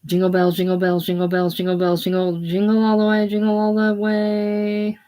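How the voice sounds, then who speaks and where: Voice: mid-range voice, monotone, normal speed, dark tone, pitched above the performer's own voice, natural voice. A reader voicing a drunken old woman who sings in a toneless, droning chant, in a casual play reading. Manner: toneless, droning sing-song.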